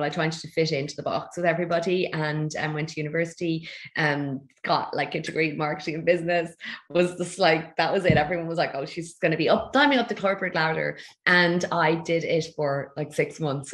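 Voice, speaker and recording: A woman, a feng shui expert chatting as a podcast guest and telling her story with quick asides and laughs. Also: low voice, fairly even intonation. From Ireland. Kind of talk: casual interview chat.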